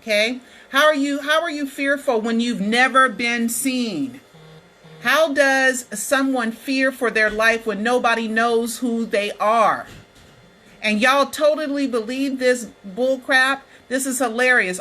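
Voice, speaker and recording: Woman vlogger, bright and slightly high voice, emphatic colloquial rant to camera. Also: slow pace, rough recording. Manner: emphatic, repeatedly asking "Okay?"; colloquial, addresses viewers as "y'all". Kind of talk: ranting commentary to camera.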